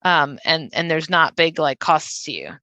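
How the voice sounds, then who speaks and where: Female philosopher co-host, bright voice, dry close sound, probing questions, filler-heavy. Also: low voice, lively intonation, normal speed, no echo. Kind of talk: casual intellectual conversation.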